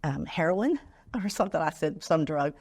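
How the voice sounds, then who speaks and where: A woman's voice: deep voice, animated, moderate pace, darkish tone, breathy edge. A middle-aged woman, a nonprofit founder telling her story as a guest on a talk show and acting out the voices she quotes.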